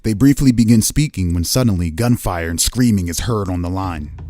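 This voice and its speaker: Low-voiced man narrating a tabletop game. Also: normal speed, warm tone, no room sound, studio quality. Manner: cinematic, descriptive scene-setting. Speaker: game master.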